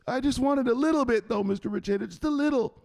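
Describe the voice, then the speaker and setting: Man putting on a timid male investor, whiny, pleading, high-pitched. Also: fast talker, vocal fry, a little mellow.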